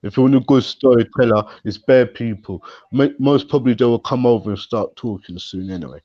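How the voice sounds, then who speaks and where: A man's voice: medium pitch, fairly quick. A man on a casual live-stream panel, laid-back and slangy. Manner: laid-back, slangy, says "bro" a lot. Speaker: panel guest. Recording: slightly muffled call audio.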